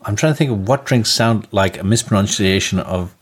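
Male co-host, low voice, dry wit, guessing the answers in a quiz. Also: a little fast, few pauses, slightly rough. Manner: dry, wry asides. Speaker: podcast co-host, quiz contestant. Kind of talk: casual quiz chat.

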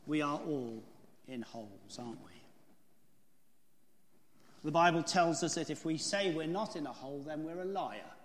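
Lively preacher in an echoey hall. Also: male voice, fairly high pitch, normal speed, pauses often, slight background noise. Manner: storytelling, asks the congregation rhetorical questions. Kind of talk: sermon.

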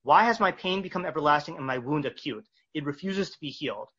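A man's voice: a little high, lively intonation, fast, bright, forceful tone, husky, dull audio. A man teaching a casual Torah study class, reading verses and translating them with fillers and restarts.

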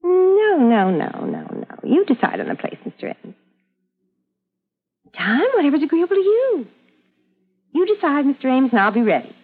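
A coy older radio schemer. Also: female voice, high voice, huge pitch swings, exaggerated voice. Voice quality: drawn-out theatrical delivery. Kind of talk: 1940s radio acting. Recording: tinny old radio broadcast.

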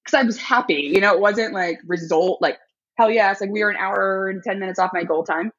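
A woman chatting casually as a podcast guest, telling a story with lively energy and acting out other people's voices. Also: mid-range voice, brisk, dull audio. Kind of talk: casual chat.

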